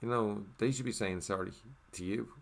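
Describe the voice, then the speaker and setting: Very deep-voiced man, casual reflective voiceover. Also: moderate pace, vocal fry. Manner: casual, with many fillers like "you know" and "like"; drops to a soft murmur when repeating the meditation phrases. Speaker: English voiceover for a signed video. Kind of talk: reflective first-person voiceover.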